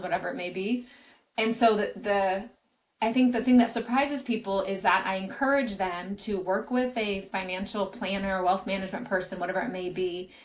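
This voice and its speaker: A woman's voice: mid-range voice, rough recording. Earnest woman career coach explaining. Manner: earnest, explanatory, restarts phrases. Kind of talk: podcast interview answers.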